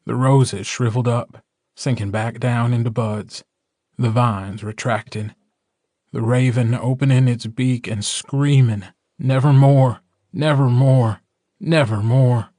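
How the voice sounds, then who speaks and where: A man narrating an audiobook in the first person, reading slowly and deliberately with emotional swells. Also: medium pitch, steady tone, darkish tone, dry recording, clean studio sound.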